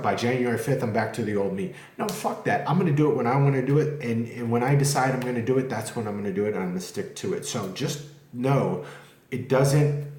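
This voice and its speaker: This is a casual home vlog where a man talks to camera, rambling and candid, with cursing thrown in freely. His voice is medium-pitched and a little mellow, captured in an echoey room.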